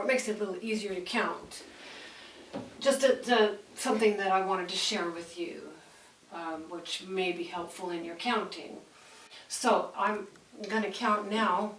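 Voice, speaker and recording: A woman's voice: mid-range voice, moderate pace, a little hiss or hum. A woman teaching piano, counting beats aloud as she plays and explaining the music with enthusiasm. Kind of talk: piano lesson demonstration. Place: room with a piano. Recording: roomy, mic at a distance, piano playing.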